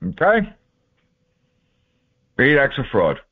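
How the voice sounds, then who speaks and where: A man's voice: on the high side, huge pitch swings, slow pace, husky. A man walking through court documents in a folksy, informal way, marking items off one by one with sarcastic asides. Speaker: presenter explaining court papers. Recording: tinny phone-like audio.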